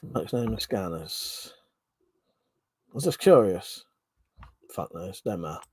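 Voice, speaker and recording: A man's voice: deep voice, lively intonation, takes it slowly, a little mellow, husky, no echo. A man from Buckinghamshire, hosting a livestream in casual chat, reading out viewer comments, laughing often and swearing freely. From Buckinghamshire, England. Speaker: livestream host.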